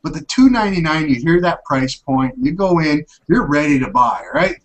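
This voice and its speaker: A man's voice: on the high side, sing-song, moderate pace, a bit bright, poor audio. A man hosting a casual tech podcast, chatty and upbeat, rambling as he talks. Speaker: tech show host.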